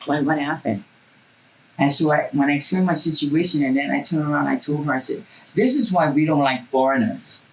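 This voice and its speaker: A deep-voiced woman from Hawaii talks briskly in a low-quality interview recording. Telling casual stories in a blunt style, she cusses freely and mimics the voices of the people in them.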